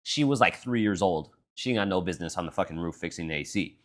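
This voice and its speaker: A young man co-hosting a podcast, telling an animated, profane story in casual chat. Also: low voice, fast. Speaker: podcast co-host.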